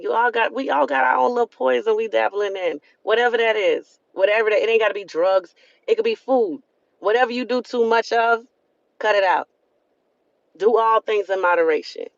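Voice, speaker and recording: Speaking in a mid-range voice with a Southern US accent, this woman runs a live stream where she gives a sincere, sermon-like pep talk, repeating lines to drive her points home. The audio is dry, dull and lo-fi.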